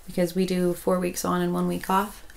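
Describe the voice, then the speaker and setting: A woman chats casually in a rambling way, circling back and restarting her sentences. Her voice sits fairly low and has a gravelly edge. She sounds to be in her forties. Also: monotone, moderate pace, poor audio. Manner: rambling, many restarts and fillers, emotional. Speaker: crochet vlogger. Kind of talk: casual chat.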